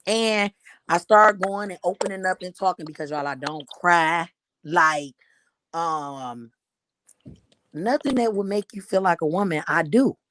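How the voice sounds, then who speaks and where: A woman's voice: lowish voice, measured pace, fairly bright tone, no room sound. A woman in her thirties, speaking frankly and confessionally in a casual group chat, filling her talk with "like.". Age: 30s. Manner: frank, confessional, talks in bursts with many "like"s. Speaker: podcast co-host.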